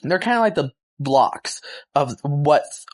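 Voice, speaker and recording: Excitable young man reviewing a movie. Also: a little high, slow pace. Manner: excited, rambling, slangy with lots of fillers.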